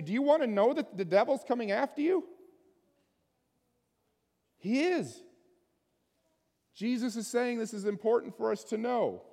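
Speaking at a moderate pace with vocal fry, long pauses, and a warm tone, this high-pitched pastor delivers a conversational sermon. He poses many questions to his listeners, and his voice trails off in a long reverb.

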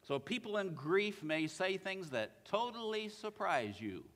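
Earnest preacher in an echoing church. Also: male voice, high-pitched, sing-song, measured pace, fairly bright tone. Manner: earnest, reads scripture aloud with feeling. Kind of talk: sermon.

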